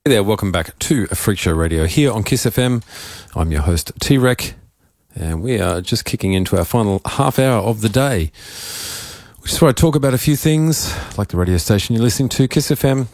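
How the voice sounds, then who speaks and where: Croaky low-voiced Australian radio man. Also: lively intonation, moderate pace, a little mellow, dry recording. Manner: rambling, loose and joking, with many fillers. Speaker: radio host and DJ. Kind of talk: casual live radio talk. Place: radio studio.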